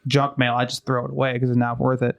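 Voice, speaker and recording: A man's voice: medium pitch, monotone, fast talker, gravelly, lo-fi sound. Rambling, chuckling male mail carrier. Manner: rambling, chuckling between remarks. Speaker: podcast co-host and mail carrier. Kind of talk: casual chat.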